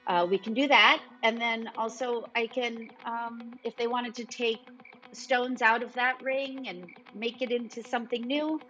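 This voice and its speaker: A woman's voice: on the high side, fairly even intonation, a little slow, pushed and bright, lo-fi sound. A woman guest in a casual interview, explaining her work as a jeweler in a friendly way.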